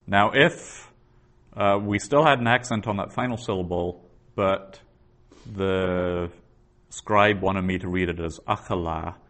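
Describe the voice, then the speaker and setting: A man's voice: deep voice, unhurried, fairly bright tone. A man teaching a Hebrew grammar lesson, explaining patiently and methodically, often restarting his sentences.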